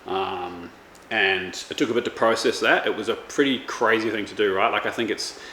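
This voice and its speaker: A chef and vlogger in his thirties chats casually in a low-ish, sharp-toned voice, fairly even in intonation and at a moderate pace. He rambles with many ums, fillers and restarts, recorded in an echoey room with faint background noise.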